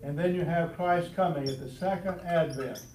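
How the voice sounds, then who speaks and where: A man's voice: a little high, normal speed, darkish tone, a little hiss or hum. A man teaching a Bible lesson to a church class. He often repeats words and restarts, and says he has always stuttered. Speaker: Sunday school teacher. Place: church classroom before a group.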